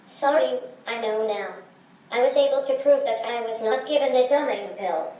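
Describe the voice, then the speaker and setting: A woman voicing a small calm robot. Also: fairly high pitch, moderate pace, very echoey, far from the mic, close to an everyday voice, low-quality recording. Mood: matter-of-fact. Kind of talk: recorded clip played back.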